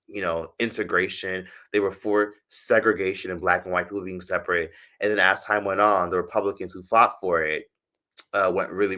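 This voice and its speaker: Low-voiced, profane streamer man. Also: bright, forceful tone. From United States. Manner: profane, chatty, rambling. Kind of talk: casual livestream storytelling.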